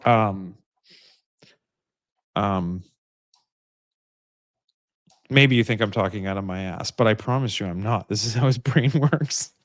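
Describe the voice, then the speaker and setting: A man's voice: fairly low pitch, takes it slowly, long pauses, dry recording, clean studio sound. A man hosting a live political commentary stream, talking in a rambling way with many restarts and emphatic repeated phrases. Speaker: host.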